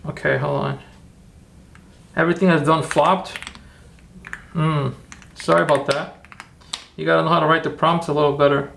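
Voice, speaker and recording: A man's voice: fairly high pitch, flat delivery, moderate pace, gravelly, long pauses, a bit bright, slight background noise. A man hosting a casual livestream, chatty and rambling as he talks viewers through his steps and cheers them on. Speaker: livestream host.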